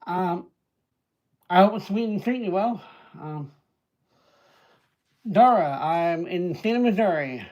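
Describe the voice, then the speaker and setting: A man's voice: high voice, animated, takes it slowly, pauses often, a little mellow, highs cut off. Chatty man hosting a livestream. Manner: chatty, greets viewers by name, hesitant fillers; frequent throat-clearing. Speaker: livestream host. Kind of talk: casual livestream chat.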